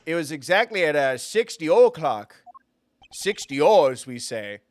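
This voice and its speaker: A man's voice: a little high, sing-song, a little slow, no echo. A man putting on a snooty Canadian gent. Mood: gossipy. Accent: put-on Canadian. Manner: exaggerated "eh"-tagged delivery. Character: snooty Canadian-accented middle-aged man. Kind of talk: reading game dialogue aloud on stream.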